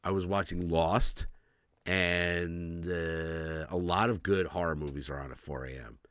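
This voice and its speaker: A man in his forties, co-hosting a casual podcast chat, telling animated stories with lots of laughs and casual swearing. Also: low voice, a little slow, clean tone, dry recording, studio quality. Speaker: podcast co-host.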